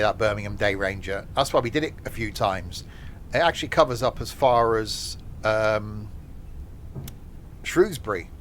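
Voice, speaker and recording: A man's voice: mid-range voice, fairly bright tone, slight background noise. A man chatting casually while streaming a train simulator, rambling off into asides. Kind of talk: casual gameplay commentary.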